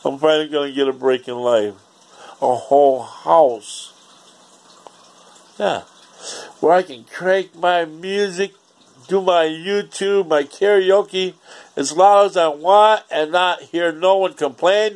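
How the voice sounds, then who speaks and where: A man's voice: on the high side, slow pace. A man, ranting casually and profanely in a rambling home vlog. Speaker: vlogger.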